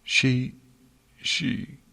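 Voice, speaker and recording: A man's voice: sharp tone, no echo. A man reading an audiobook, voicing a frightened, tearful young female unicorn who whimpers and stammers. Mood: sobbing. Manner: whimpering, sniffling, halting.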